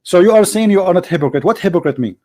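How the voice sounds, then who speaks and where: Insistent debating host with a higher voice. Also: male voice, expressive, rapid-fire, darkish tone. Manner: argumentative, insistent, repeats points for emphasis. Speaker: host of a live call-in religious debate show. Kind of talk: live call-in debate.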